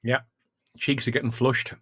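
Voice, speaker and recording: A man at a middling pitch, hosting a casual livestream and talking between coughs and sighs as chilli heat builds. The sound is dry and close, with hardly any room behind it. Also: flat delivery, normal speed, a bit bright, slightly rough, no room sound. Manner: chatty, with coughs, sighs and exclamations from hot chilli. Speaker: livestream host.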